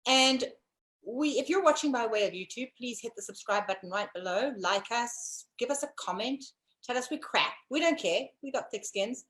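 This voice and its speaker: A woman's voice: fairly high pitch, animated, moderate pace, fairly bright tone. A woman from South Africa co-hosting a casual live-streamed talk show, chatty and teasing. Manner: chatty, teasing, addresses viewers.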